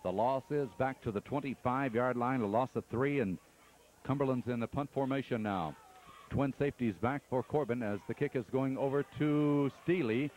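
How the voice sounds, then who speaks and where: A man doing radio play-by-play of a football game from the press box, calling each play briskly and steadily. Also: medium pitch, darkish tone, a little hiss or hum. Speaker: play-by-play announcer.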